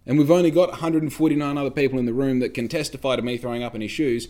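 A man's voice: medium pitch, steady tone, racing, warm tone. A young Australian man telling a rambling story in casual chat, swearing freely and acting out the voices of the people he quotes.

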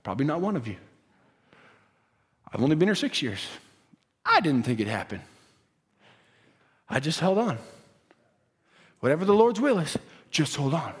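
A male preacher delivering a sermon, swinging from shouted, singsong lines to quiet asides. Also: fairly high pitch, wildly swooping pitch, normal speed, pauses often, breathy edge.

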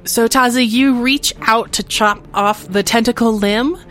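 A woman's voice: a little high, steady tone, unhurried, fairly bright tone, faint music behind. A woman narrating as game master of a tabletop game, patiently explaining the rules.

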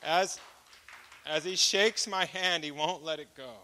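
Brief: male preacher giving a personal testimony, high and bright, lively storytelling with acted-out exchanges. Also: a little slow. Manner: animated storyteller who acts out dialogue.

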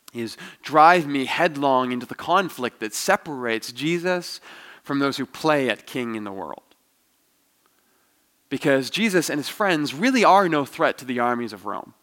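A man, serving as pastor, giving a reflective sermon in a measured storytelling manner. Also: mid-range voice, fairly bright tone.

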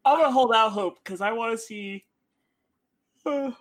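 High-pitched dude rambling on in a casual podcast chat. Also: male voice, normal speed, fairly bright tone. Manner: rambling, lots of "like" and restarts. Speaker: co-host.

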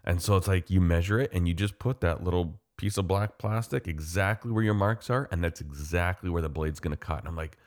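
A man from Canada with a very deep, low voice talks in an easy, rambling way. He is enthusiastic and full of fillers as he chats casually. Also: a little fast, few pauses, darkish tone. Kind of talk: casual chat.

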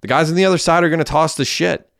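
A man's voice: on the low side, moderate pace, no echo, studio quality, lightly acted. Man voicing a bold young gangster, audiobook, blunt, commanding, swearing, resonant voice. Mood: urgent. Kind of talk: audiobook character reading.

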